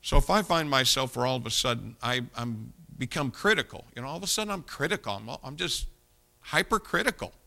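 A male pastor delivers a sermon in a bright, forceful voice with a gravelly fry underneath. He mixes scripture reading with plain, folksy talk aimed at his listeners. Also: mid-range voice, animated, fairly quick.

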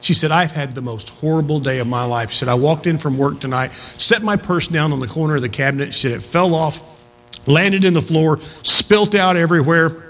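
A man preaching a sermon, telling stories with emphatic, rising exhortations and quieter narrated stretches. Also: on the high side, a little fast.

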